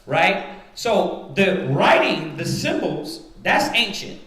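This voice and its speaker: Slow, high-voiced man teaching in an echoing hall. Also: very animated, fairly bright tone. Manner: rhetorical, repeatedly checks with "right?". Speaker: Bible study teacher. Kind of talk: teaching Bible study to a congregation. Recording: roomy echoing room.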